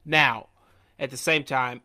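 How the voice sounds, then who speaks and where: A man's voice: medium pitch, fairly even intonation, slow, pushed and bright. A man co-hosting a podcast in casual chat, earnest and reflective, restarting his sentences often. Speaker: podcast co-host.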